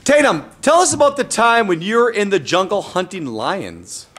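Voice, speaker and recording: Guy running a kids improv game, highish voice swinging all over, snappy prompts. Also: big pitch swings, fairly bright tone. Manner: brisk, calls out prompts and names. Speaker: improv class leader. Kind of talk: hosting a kids' improv game.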